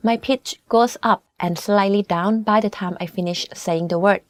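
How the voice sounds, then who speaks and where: A woman teaching Thai tones in a scripted lesson, explaining slowly and enunciating each word with care. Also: medium pitch, no echo. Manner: slow, careful, clearly enunciated explanations.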